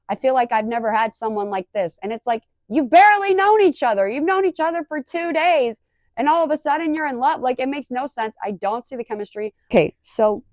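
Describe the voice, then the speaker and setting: A woman's voice: fairly high pitch, dry recording. A young woman casually ranting through a movie review, exasperated and swearing, with lots of rambling restarts.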